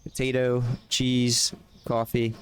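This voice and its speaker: A man's voice: mid-range voice, monotone, takes it slowly, a little hiss or hum. A man live-streaming a game, chatting casually with viewers and calling out in-game orders between questions to chat. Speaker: livestreamer.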